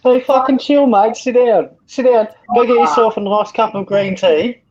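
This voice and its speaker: Blunt, teasing bloke. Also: male voice, very high-pitched, steady tone, moderate pace, dull audio. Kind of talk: casual chat.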